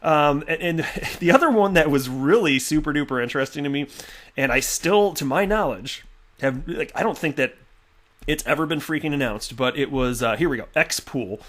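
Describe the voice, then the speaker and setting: A man's voice: a little high, normal speed. Chatty man riffing on crypto news. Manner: chatty, animated, many fillers and restarts. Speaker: crypto video host. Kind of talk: casual commentary reading tweets.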